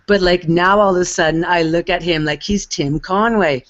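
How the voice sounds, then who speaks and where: A woman's voice: on the low side, normal speed. Rambling, effusive woman. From Canada. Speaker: chat participant. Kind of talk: casual voice chat. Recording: lo-fi online voice chat.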